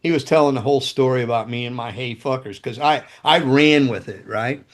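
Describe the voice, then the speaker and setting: A man's voice: mid-range voice, brisk. Older guy from the states, old roadie rambling and cussing through tour stories. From United States. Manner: profane, rambling anecdotes. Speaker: podcast guest, former guitar tech. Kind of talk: casual storytelling.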